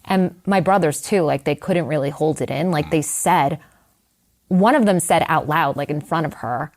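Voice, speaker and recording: A woman's voice: sits low, normal speed, a little mellow. A middle-aged woman, a writer, telling a personal story in an interview in a candid, conversational way with many fillers and asides. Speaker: guest writer.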